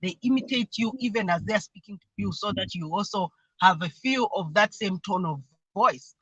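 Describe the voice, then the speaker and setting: Woman, mentee on a video call, bright forceful voice, dry close sound, earnest. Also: medium pitch, moderate pace, slightly rough, no echo, highs cut off. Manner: earnest, explanatory, imitates voices when quoting. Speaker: mentee sharing her experience. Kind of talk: livestream conversation.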